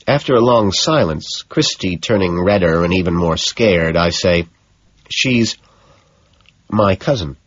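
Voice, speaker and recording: A man narrating a first-person audiobook in a measured, even way. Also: low voice, dry recording. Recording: dull, dry lo-fi audio.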